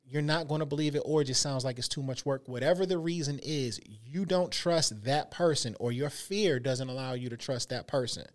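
A man's voice: medium pitch, a little fast, hardly any pauses. A man co-hosting a podcast, explaining points in a colloquial, emphatic way. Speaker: podcast co-host. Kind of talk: casual chat.

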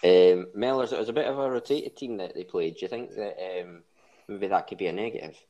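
A man's voice: fairly low pitch, brisk, dark tone. Man hosting a football podcast. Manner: bantering, quizzing the others. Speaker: podcast host. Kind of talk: casual football podcast chat.

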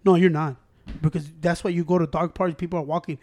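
Man, high-pitched, profane, animated storyteller, casual chat. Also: fast.

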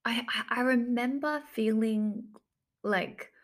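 A woman's voice: fairly high pitch, slow pace. A woman telling a personal story in a reflective, repetitive way, often saying "like" and circling back to the same phrases, as a coach talking to her audience. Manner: reflective, repeats phrases, filler-heavy. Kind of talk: personal story told to camera.

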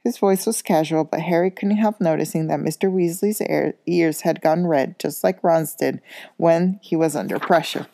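Low, gravelly woman reading a storybook aloud. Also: normal speed, dry recording. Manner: steady storytelling. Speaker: reader. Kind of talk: read-aloud of a children's novel.

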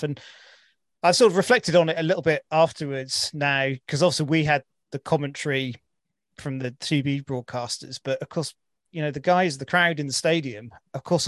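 A man's voice: on the high side, no echo, clean studio sound. A man hosting an interview, asking long hesitant questions full of fillers. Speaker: interviewer, host. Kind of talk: casual interview.

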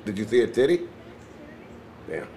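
A man's voice: fairly low pitch, very animated, moderate pace, dark tone. A man co-hosting a podcast, cutting in with wisecracks and teasing questions. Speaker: podcast co-host. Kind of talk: casual chat.

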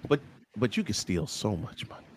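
A man's voice: fairly low pitch, normal speed, breathy edge. A man co-hosting a casual group chat, joking and swearing with friends. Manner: animated, joking, profane.

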